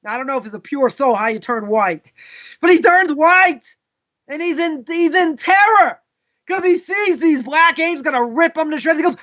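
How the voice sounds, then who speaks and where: Male rabbi, live lesson; high-pitched, casual storyteller with asides, dull lo-fi recording. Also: moderate pace. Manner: casual, animated, with frequent asides. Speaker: rabbi teaching a class.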